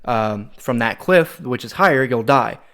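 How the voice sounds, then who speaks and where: A young American man co-hosting a podcast, ranting in casual chat with heavy swearing and sudden animated outbursts. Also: medium pitch, unhurried. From United States. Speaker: podcast co-host.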